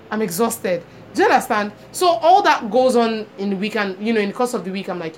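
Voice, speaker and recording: Animated woman telling a story. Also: mid-range voice, fairly quick. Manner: animated storytelling, acts out quoted voices. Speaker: podcast co-host. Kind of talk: casual chat. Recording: faint background noise.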